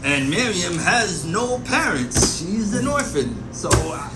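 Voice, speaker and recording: A man's voice: high voice, very animated, takes it slowly, over loud music, heavily acted. A man playing a worried father accused of murder in an amateur audio drama, defensive and stammering, repeating himself. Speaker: suspect under interrogation. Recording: noisy amateur recording with ambience.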